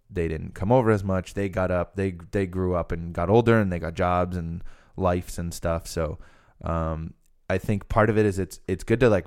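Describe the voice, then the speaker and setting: A man's voice: low voice, vocal fry, a little mellow, smooth. A young man from Rhode Island hosting a podcast, chatting casually and rambling with lots of fillers. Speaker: podcast host. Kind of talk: casual chat.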